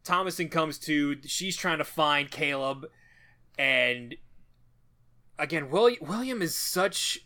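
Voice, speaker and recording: A man on a podcast, chatting casually through a movie recap with a bright, forceful voice that sits a little high. He slips into exaggerated character voices as he retells scenes. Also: lively intonation, takes it slowly. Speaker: podcast co-host.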